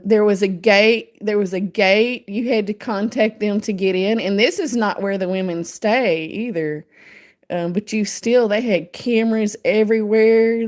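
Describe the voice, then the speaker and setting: A woman's voice: mid-range voice, a little mellow. A woman hosting her crochet channel, chatting casually and rambling with many fillers while she reads pattern text aloud.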